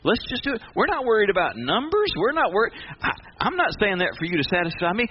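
A male pastor preaches with a somewhat high voice that climbs and dips in lively swings, repeating key lines for emphasis. The recording is dull and lo-fi, with a faint hiss underneath. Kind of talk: sermon.

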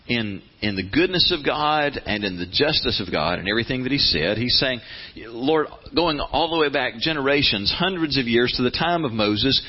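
Earnest American preacher on muffled radio. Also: male voice, fairly low pitch. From United States. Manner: earnest, conversational, rising to animated emphasis. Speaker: pastor. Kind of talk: sermon with scripture reading.

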